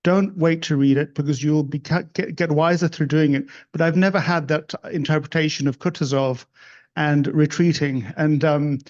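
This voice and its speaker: A man's voice: a little high, fairly even intonation, normal speed. A man hosting an investor conference, speaking in effusive, casual thank-you remarks on stage, in dull lo-fi audio. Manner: effusive, heaps on praise. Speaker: event host. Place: conference room.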